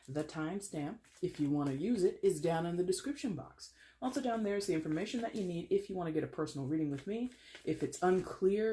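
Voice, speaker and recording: A woman's voice: sits low, slight background noise. Casting: woman in her thirties, tarot reader, chatty, playful, laughs a lot. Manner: chatty, animated, laughs and plays with voices. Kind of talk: casual tarot reading to camera.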